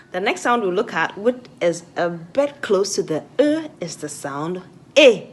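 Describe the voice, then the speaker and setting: A woman from Ghana teaching French pronunciation, saying each example word twice with clear emphasis. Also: on the low side, animated, unhurried. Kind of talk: pronunciation lesson.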